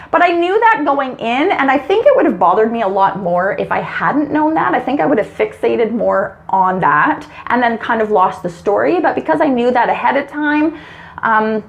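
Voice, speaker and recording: A fairly high-voiced young woman chats through a film review on her vlog. She is expressive and animated, reacting with open disgust as she goes. Her manner is casual and conversational throughout. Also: gravelly.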